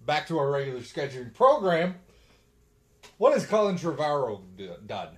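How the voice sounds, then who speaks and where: A man's voice: a little high, big pitch swings, moderate pace. A young man co-hosting a casual movie review chat, blunt and joking. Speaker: podcast co-host.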